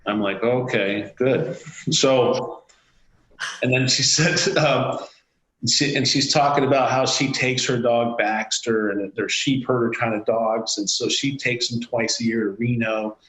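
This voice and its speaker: In an interview, a male CEO with a medium pitch and slightly slow pace tells an animated story, performing the quoted lines himself. The audio is poor and echoey.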